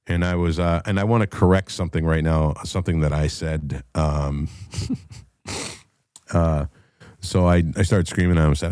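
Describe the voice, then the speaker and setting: A man's voice: low-pitched, expressive, a little fast, darkish tone, no room sound, clean studio sound. A man hosting a show, telling a story in a blunt, profane, casual way. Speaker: podcast host.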